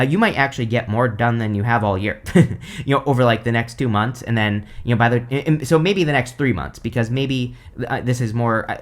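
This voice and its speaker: A young man talks through a tarot spread in a loose, excited ramble. He thinks out loud and leans on lots of fillers and restarts. His voice sits at an ordinary middle pitch. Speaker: tarot reader. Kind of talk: casual tarot reading to camera.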